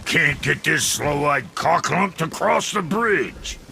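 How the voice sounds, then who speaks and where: An actor voicing a crude, foul-mouthed, cranky dwarf blacksmith with a gravelly voice, grumbling and swearing. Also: male voice, fairly high pitch, expressive, slow, pushed and bright, slight background noise, heavily acted. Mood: impatient. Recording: game audio with music.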